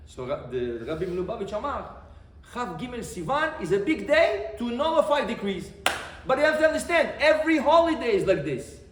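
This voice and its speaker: A man, a rabbi, giving an animated Torah lesson, repeating phrases and quizzing his listeners. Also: extremely high pitch, normal speed. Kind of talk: Torah lesson to a live group. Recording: echoey room, faint background noise.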